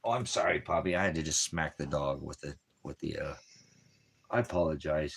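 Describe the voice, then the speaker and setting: Fairly quick and animated, this man's low voice has vocal fry and a slightly rough edge. He hosts a ministry stream at home by a fire with his dog, rambling in a casual monologue full of puns and rhyming wordplay.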